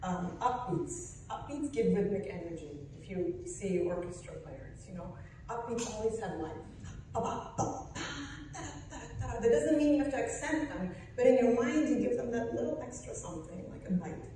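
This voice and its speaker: A woman's voice: mid-range voice, lively intonation, normal speed, recorded from a distance, background noise. Woman piano teacher in an echoey hall. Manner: encouraging, sings rhythms aloud. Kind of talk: masterclass coaching. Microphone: far room mic. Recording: very echoey room, voice from afar, piano behind. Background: piano playing.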